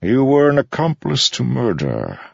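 A man's voice: mid-range voice, normal speed, vocal fry, husky, no room sound, muffled recording, pitched above the performer's own voice, heavily acted. A man voicing a cold male law enforcer who speaks evenly and without emotion. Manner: even, flat, without emotion.

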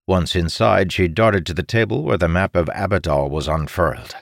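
Low voiced guy narrating a fantasy audiobook, dry close mic, measured. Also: creaky, no echo.

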